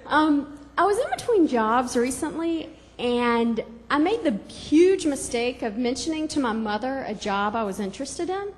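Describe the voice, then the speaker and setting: A woman's voice: high voice, big pitch swings, moderate pace, long reverb tail, slight background noise. A woman from Georgia doing stand-up comedy on a club stage, bubbly and giggly, chatty with the crowd.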